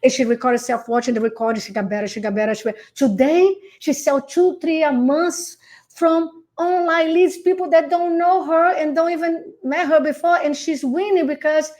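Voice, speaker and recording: Animated woman. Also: sits high, normal speed. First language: Portuguese. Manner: animated, acts out phone calls, says darling. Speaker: real estate coach. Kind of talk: podcast interview.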